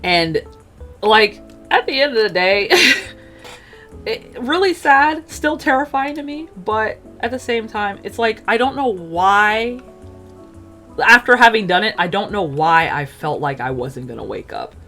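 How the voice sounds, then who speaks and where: A woman chatting casually as she tells a personal story, full of fillers, acting out quotes in an animated way. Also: mid-range voice, measured pace, faint music behind. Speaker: streamer telling a personal story.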